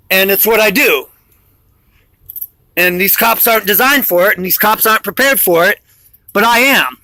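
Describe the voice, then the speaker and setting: A man's voice: high voice, normal speed, bright, forceful tone. A man talking straight to his viewers in a rambling, intense and defiant monologue. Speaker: vlogger.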